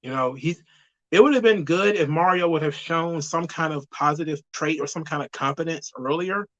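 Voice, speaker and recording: A man's voice: a little high, moderate pace, a bit bright, muffled recording. A man giving an opinionated, conversational movie review in a casual spoken style.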